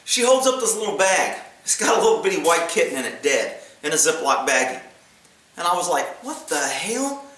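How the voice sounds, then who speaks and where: A man's voice: fairly high pitch, big pitch swings, a little fast, fairly bright tone, very echoey, far from the mic, rough recording. A man telling stories from his time as a military police officer in a blunt, casual way, laughing often. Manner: blunt, laughing, acts out voices in quotes. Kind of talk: casual storytelling.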